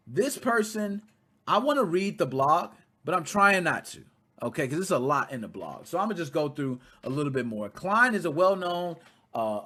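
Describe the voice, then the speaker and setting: Animated, high-voiced male podcast host. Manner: animated, swings from quiet asides to loud outbursts, swears freely. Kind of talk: casual commentary podcast.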